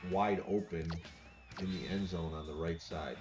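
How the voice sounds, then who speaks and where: A man's voice: deep voice, steady tone, measured pace, darkish tone, faint music behind. A man live-streaming a football video game, chatting casually with viewers and rambling through repeated words.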